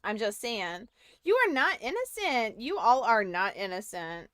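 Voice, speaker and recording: A woman's voice: on the high side, big pitch swings, unhurried, a bit bright, slight background noise. A young woman streaming a game, chatting casually to her viewers, rambling and giggling often. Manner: giggly, rambling, talks to chat. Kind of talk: casual livestream chat while gaming.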